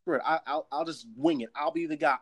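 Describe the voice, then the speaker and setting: A man's voice: on the high side, steady tone, a little fast, a bit bright, dry recording. A man who works in a store, telling a long, profane, ranting story about crowds and customers in a casual chat. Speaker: retail store worker. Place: San Jose.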